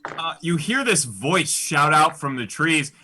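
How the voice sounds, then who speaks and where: A man playing a relaxed game master who asks for dice rolls, hesitating with lots of "uh.". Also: on the high side, unhurried, husky, heavily acted. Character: casual male tabletop game master.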